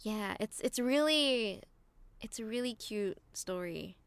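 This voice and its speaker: A woman's voice: on the high side, lively intonation, takes it slowly, smooth, no room sound. A young woman chatting as an interview guest, hesitant and self-deprecating, with bubbly exclamations. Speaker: voice actor guest. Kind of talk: casual interview chat.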